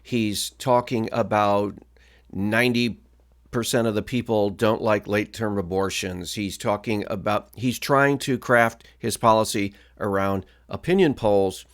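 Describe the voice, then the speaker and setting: A male pastor giving political commentary in a firm, blunt, moralizing way. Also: fairly low pitch.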